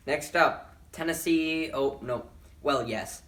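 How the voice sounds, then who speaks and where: A man's voice: mid-range voice, unhurried, fairly bright tone. Tired male sports vlogger, offhand and rambling, recorded at home with the mic a bit far off and echo around him. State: tired, yawning. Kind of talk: casual picks and predictions talk.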